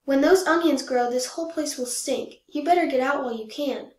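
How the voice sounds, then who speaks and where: A woman's voice: high-pitched, brisk, recorded from a distance, close to an everyday voice. A woman voicing a grumpy young tulip. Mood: scheming. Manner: complaining, bossy shouting at the geese. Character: grumpy young tulip who wants peace. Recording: echoey room.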